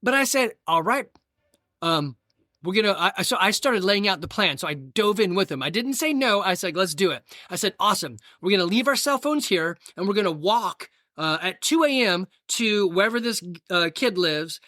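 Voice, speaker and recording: A man's voice: high voice, lively intonation, normal speed, sharp tone, no room sound, studio quality. A middle-aged man hosting a podcast, talking casually and telling stories, with fillers and restarts. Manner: storytelling, conversational with fillers and restarts. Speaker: podcast host. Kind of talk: casual solo podcast talk.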